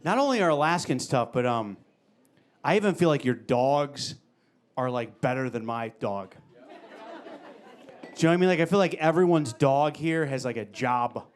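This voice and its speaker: A man's voice: medium pitch, lively intonation, normal speed, long pauses. A male comedian doing a stand-up set, exasperated and mock-scolding.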